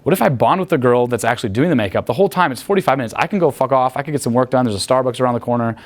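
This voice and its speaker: Rapid-fire, profane male dating coach. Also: mid-range voice. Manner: rapid, profane, chatty, asks "right?" often. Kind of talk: live seminar talk. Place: room with a live group.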